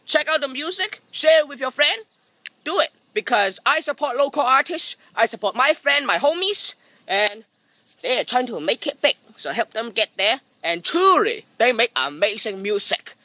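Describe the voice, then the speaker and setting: A man's voice: very high voice, normal speed, dry recording. A man doing a sarcastic, jokey vlog monologue outdoors by a pool, recorded on a phone's front camera. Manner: sarcastic, deadpan jokey self-mockery. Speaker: vlogger. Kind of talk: comedic rambling vlog monologue. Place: outdoors beside a private pool.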